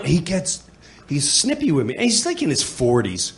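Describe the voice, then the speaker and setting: A middle-aged man from New York telling a stand-up story on stage, animated and quick to slip into voices. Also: on the high side. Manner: animated, jumps into voices, laughing asides. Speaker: comedian. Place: comedy club stage.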